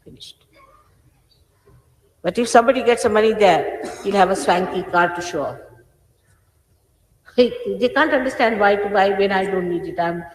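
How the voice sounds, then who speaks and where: A woman's voice: mid-range voice, moderate pace, pauses often. An older woman speaks as a spiritual teacher, scolding her listeners emphatically and driving each point home by repeating it. Her voice rings through a large, reverberant hall. A faint hiss sits under this archive recording. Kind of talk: informal address to followers.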